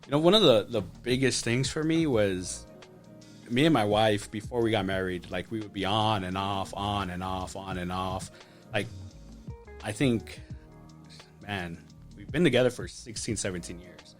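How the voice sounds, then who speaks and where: Man in his thirties, podcast guest, heartfelt testimony, halting with restarts, faint music underneath. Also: on the low side. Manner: emotional, many restarts and "like". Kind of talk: personal testimony.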